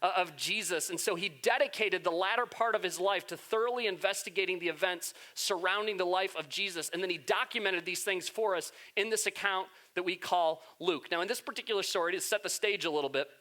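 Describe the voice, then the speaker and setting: Pastor guy giving a sermon, high bright voice, joking around. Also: a little fast, few pauses. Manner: animated, playful storytelling. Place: church.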